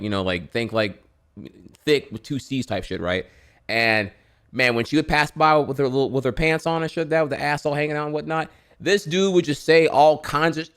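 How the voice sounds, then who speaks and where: Louisiana streamer in his thirties, loose and profane, mid-pitched voice. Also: a bit bright, smooth. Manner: profane, rambling, many restarts. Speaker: streamer reacting to videos. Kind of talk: casual rambling chat.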